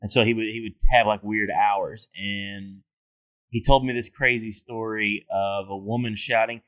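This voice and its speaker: A man's voice: fairly low pitch, level tone, measured pace, fairly bright tone. A man co-hosting a podcast, telling stories and teasing in casual banter. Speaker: podcast co-host.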